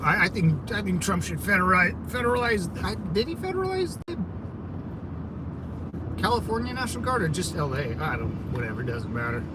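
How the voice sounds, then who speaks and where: Man, high voice, rambling livestream chat, driving, loud traffic noise. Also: big pitch swings, a little fast. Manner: rambling, loose, greets chat viewers by name. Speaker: vlogger streaming while driving.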